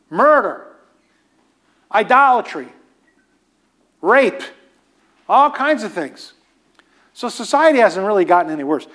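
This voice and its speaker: A man's voice: sits high, sing-song, slow pace, long pauses, a bit bright. A man preaching a teaching sermon in a conversational way, with emphatic repetition and casual asides. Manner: emphatic, repeats phrases for stress.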